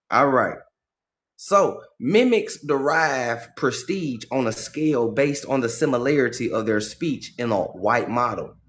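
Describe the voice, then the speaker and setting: Man reading and commenting on a livestream. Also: medium pitch. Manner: reads a passage, then breaks off to comment in casual slang. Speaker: livestream host.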